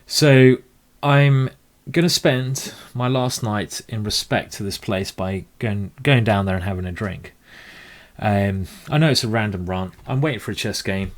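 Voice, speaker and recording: Rambling man commentating chess. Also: lowish voice. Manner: rambling, emotional, tipsy asides. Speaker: chess streamer. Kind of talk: live blitz chess commentary.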